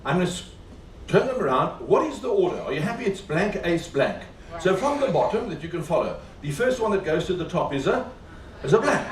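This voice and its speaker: Joking stage magician in a roomy hall. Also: male voice, high voice, big pitch swings, brisk, slight background noise. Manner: joking, chatty, teasing the audience. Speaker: comedy magician. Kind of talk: live stage comedy magic show. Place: cruise ship show lounge. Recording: roomy, distant live stage recording with faint audience ambience.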